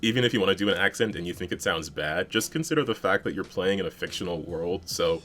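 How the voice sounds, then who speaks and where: A man co-hosting a tabletop gaming podcast, explaining ideas in a relaxed, thoughtful way. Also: low-pitched, fast talker. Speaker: podcast co-host and game master. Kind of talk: casual podcast chat.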